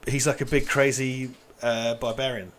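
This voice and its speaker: A man's voice: mid-range voice, level tone, normal speed. A man chatting casually as co-host of a film watch-party stream, rambling, swearing and laughing a lot. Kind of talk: casual chat.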